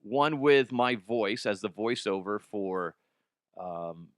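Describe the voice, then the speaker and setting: A man in his forties from Colorado, a former radio voiceover guy, hosting a casual, profane comedy news rant, chatty and quick to laugh. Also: on the low side, lively intonation, dry recording, studio quality. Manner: chatty, laughing, swears freely.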